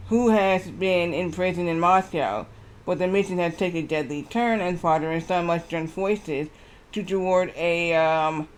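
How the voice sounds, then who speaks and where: A man streaming live, chatting casually and reading aloud haltingly with lots of fillers. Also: high voice, clear, resonant tone. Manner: rambling, reads aloud haltingly with many fillers.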